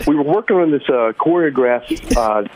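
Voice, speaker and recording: A man's voice: medium pitch, expressive, moderate pace, a little mellow, rough recording. Rock guy cracking jokes, stammers a bit, faint noise behind, mid voice. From Alabama. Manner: joking, repeats words when starting. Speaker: band member, guest. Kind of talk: casual interview.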